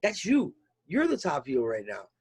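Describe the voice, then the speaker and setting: A man's voice: fairly high pitch, wildly swooping pitch, normal speed, darkish tone, husky. A man hosting a podcast, in hyped, playful banter with a guest. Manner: hyped, playful, calls people "dog". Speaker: podcast host.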